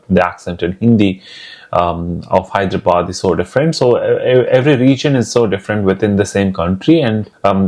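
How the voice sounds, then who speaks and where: A man's voice: sits low, a little mellow. A man from India, giving earnest advice straight to camera in a vlog. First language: Telugu. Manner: earnest, urging. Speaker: vlogger.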